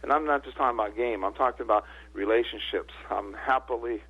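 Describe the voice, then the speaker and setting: Husky older man on a phone line. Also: mid-range voice, fairly quick. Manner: emotional, earnest storyteller. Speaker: guest speaker. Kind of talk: storytelling in a radio interview.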